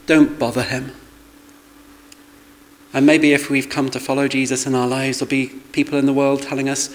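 A man's voice: medium pitch, little pitch movement, moderate pace, long pauses, rough recording. A man preaching a sermon in a conversational way, with rhetorical questions and asides to the congregation.

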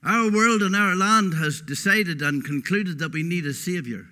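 A man's voice: sits high, moderate pace, bright, forceful tone. A man preaching a sermon, emphatic and folksy, repeating words for stress.

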